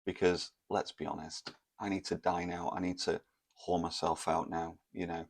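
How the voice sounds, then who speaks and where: A man in his thirties with a low, gravelly voice chats to camera. He rambles, mocks himself and wanders off into asides as he tells the story. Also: flat delivery, moderate pace. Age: 30s. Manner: rambling, self-mocking, full of fillers and asides. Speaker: vlogger.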